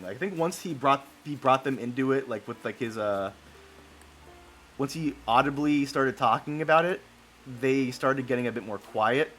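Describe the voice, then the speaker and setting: Male streamer, chatty, rambling, mid-pitched voice, faint background hiss. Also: fairly bright tone. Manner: rambling and chatty, many fillers and self-corrections. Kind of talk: casual storytelling while playing a game.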